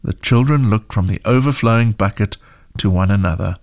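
A man narrating a children's devotional story in a calm, gentle reading voice. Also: fairly low pitch, fairly quick, creaky, dry recording. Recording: dry, soft music behind.

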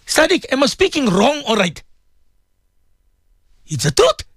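A man's voice: very high voice, huge pitch swings, measured pace, fairly bright tone, breathy edge, no echo, clean studio sound. A man, preaching fervently as an Islamic radio presenter and calling out again and again to his listeners. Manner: fervent, repetitive, preachy, addresses listeners directly. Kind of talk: impassioned religious radio talk.

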